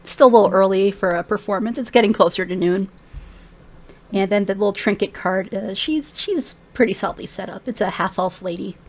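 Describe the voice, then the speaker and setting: A woman narrating as game master in a relaxed, descriptive way with many fillers. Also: medium pitch, fairly quick.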